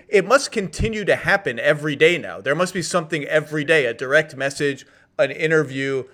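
A man's voice: medium pitch, a bit bright. A man hosting a podcast interview, who thinks aloud and rephrases his questions as he goes. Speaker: podcast host. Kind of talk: casual interview conversation.

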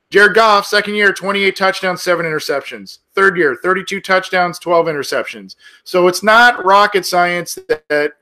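A man's voice: fairly high pitch, bright, forceful tone. A man hosting a sports podcast, talking casually with many fillers and restarts. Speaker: podcast host.

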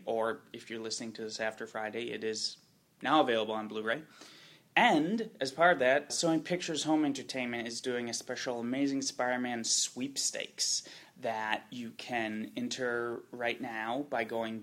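Slow-talking man reading podcast news. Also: mid-range voice, a bit bright.

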